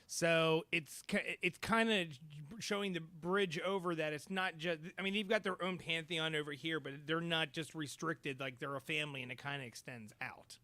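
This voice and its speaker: A man's voice: on the high side, steady tone, moderate pace, hardly any pauses, sharp tone, dry recording. A man co-hosting a podcast, chatting casually about a TV episode with many fillers and restarts. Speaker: podcast co-host. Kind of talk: casual episode review chat.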